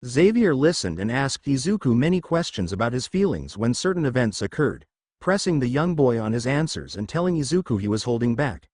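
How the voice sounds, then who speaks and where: A man reading fan fiction aloud as narrator, in a steady storytelling delivery. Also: mid-range voice, a little fast, dry recording, studio quality.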